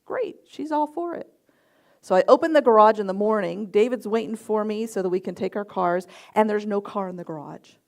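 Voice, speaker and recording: A woman's voice: mid-range voice, brisk, gravelly, few pauses. A middle-aged woman minister giving a sermon with personal stories, acting out her own reactions as she tells them. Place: church service.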